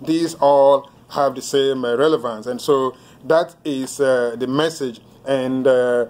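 Guy preaching a sermon, middle pitch, lots of uhs and restarts, reads hymn lines then explains them. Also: fairly even intonation, slow, a little mellow. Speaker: pastor.

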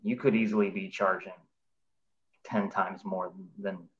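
Man guest, fairly low voice, earnest, halting delivery, muffled remote line. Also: little pitch movement, a bit bright. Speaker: artist, program student and guest. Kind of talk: casual interview chat.

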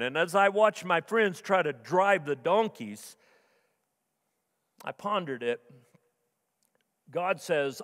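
A man's voice: high voice, lively intonation, slow, long pauses, a bit bright. A man preaching a sermon as pastor, telling stories in a conversational way with frequent restarts. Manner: storytelling, conversational with repeated restarts. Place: church sanctuary. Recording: long reverb of a church sanctuary.

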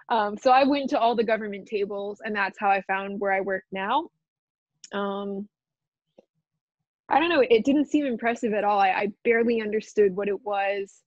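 A woman's voice: mid-range voice, moderate pace, dry recording, highs cut off. A young woman guest on a podcast, telling a rambling, self-deprecating story in casual chat. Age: young adult.

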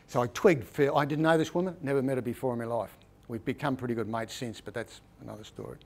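A middle-aged Australian man tells stories at a book presentation. He talks in a loose, conversational way, with restarts and a habit of asking "right?". His pitch sits in an ordinary middle range. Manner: chatty, repeats "right?" often, rambling with restarts. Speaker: author giving a book talk. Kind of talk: casual storytelling presentation.

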